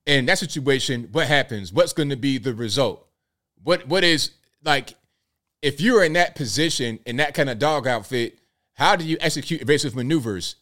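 A male host of a live commentary show, talking in an animated way and firing off rhetorical questions. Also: medium pitch, moderate pace.

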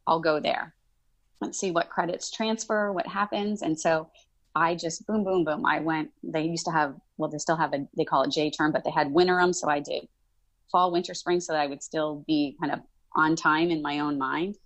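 A middle-aged woman who teaches college speaks in a low voice at a moderate pace, with no echo. In a casual interview she tells her story animatedly, acting out past conversations in quoted voices.

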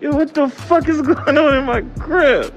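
A man voicing a tired, angry middle-aged father who yells and curses at his son. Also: very high-pitched, unhurried, dull audio, pitched above the performer's own voice. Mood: outraged. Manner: yelling, cursing, exasperated.

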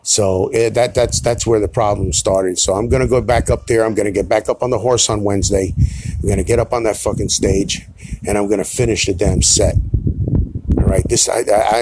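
A man's voice: on the low side, a little mellow. A middle-aged man, hosting a solo podcast in a rambling, self-deprecating way with some swearing. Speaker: podcast host.

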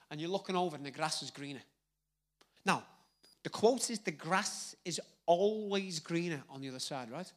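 A man with a Liverpool accent preaching a live sermon on a handheld microphone, conversational and swinging between loud emphasis and hushed asides. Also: sits high. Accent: Liverpool (Scouse). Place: church hall with congregation.

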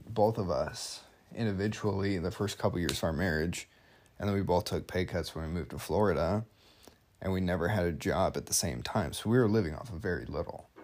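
A man's voice: low voice, darkish tone. A young man chatting casually as a podcast guest about married life, rambling and joking, with lots of fillers. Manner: rambling, jokey, filler-heavy. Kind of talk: casual conversation.

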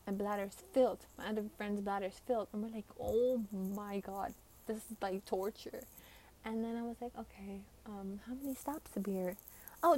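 A woman's voice: medium pitch, warm tone. A young woman streamer telling a story in a casual ramble, full of fillers and swearing.

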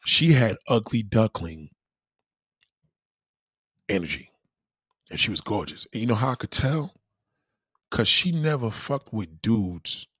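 The host's lowish, husky voice moves unhurriedly with frequent pauses, recorded in echo-free studio quality. Chatting casually, he delivers animated, profane stories and acts out quoted people in mock voices.

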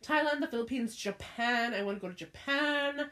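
A woman's voice: a little high, normal speed, sharp tone. A young woman in casual chat, giggly and blunt, swearing a lot and saying "like" often.

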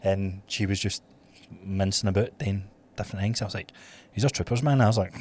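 A Scottish man with a fairly low voice, chatting easily as a podcast co-host. He asks quick follow-up questions and tells his own short stories in an unhurried, casual way. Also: a little mellow, husky. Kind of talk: casual chat.

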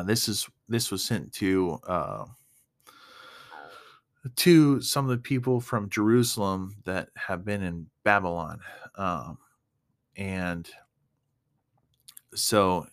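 Earnest low-voiced man giving a devotional talk. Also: expressive, takes it slowly, pauses often, fairly bright tone. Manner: earnest, emotional, casual with many fillers. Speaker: Christian speaker.

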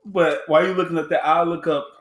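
A man's voice: a little high, steady tone, fast talker, slight background noise. A man co-hosting a podcast in casual chat, blunt and teasing in his banter. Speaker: podcast co-host. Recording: echoey room.

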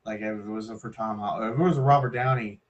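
A man's voice: on the low side, a little fast, muffled recording. A man co-hosting a casual podcast, rambling loosely with lots of fillers and a sarcastic streak. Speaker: podcast co-host. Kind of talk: casual chat.

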